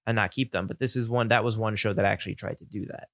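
A man co-hosting a casual film chat, thoughtful and halting as he works through his ideas. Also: fairly low pitch, steady tone, fairly bright tone, dry recording, clean studio sound. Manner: thoughtful, halting, many restarts while explaining. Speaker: podcast co-host. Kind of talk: casual chat about films.

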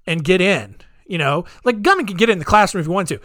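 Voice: mid-range voice, animated, fast talker, hardly any pauses, a bit bright, no echo, studio quality. A podcast host giving solo commentary in a rambling way, leaning heavily on filler words. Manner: rambling, heavy use of "like".

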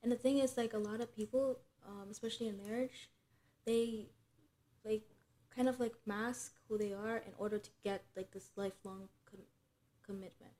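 A woman's voice: mid-range voice, fairly even intonation, normal speed, mellow. A young woman co-hosting a casual podcast chat, talking loosely with lots of "like" fillers and thinking aloud. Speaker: podcast co-host.

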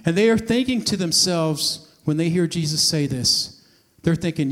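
High-voiced man preaching in a big hall. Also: animated, normal speed, a bit bright. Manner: storytelling, acting out voices of the scene. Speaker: pastor. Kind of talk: sermon.

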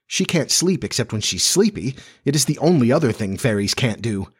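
A man's voice: mid-range voice, big pitch swings, fairly quick, breathy edge. A man voicing Peter Pan, a confident boy explaining things in a matter-of-fact way.

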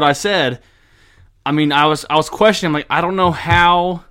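A man hosting a casual podcast, bluntly reviewing a beer and recapping wrestling, excitable, swearing and laughing often, with many restarts. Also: on the high side, normal speed, clear, resonant tone. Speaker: podcast host.

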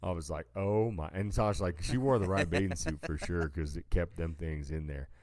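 Very deep-voiced man telling a story. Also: brisk, darkish tone, no echo, clean studio sound. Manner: laid-back, rambling, says "dude" a lot. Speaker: podcast co-host. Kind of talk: casual chat, storytelling.

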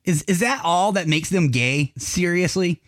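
A man's voice: high-pitched, expressive, unhurried, fairly bright tone, no room sound, studio quality. A man co-hosting a podcast, ranting sarcastically and swearing constantly. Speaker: podcast co-host. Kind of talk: casual chat.

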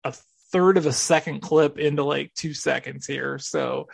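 A man's voice: a little high, measured pace, vocal fry, slightly rough, no echo. A man hosting a sports radio podcast, explaining clips in a casual, mock-serious way. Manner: mock-serious, walks through audio clips. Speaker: podcast host.

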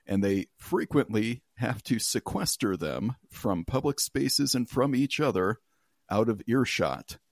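A man's voice: fairly low pitch, no room sound, studio quality. A man hosting a casual podcast chat, reading out headlines and joking with his co-hosts, laughing often. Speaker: podcast host.

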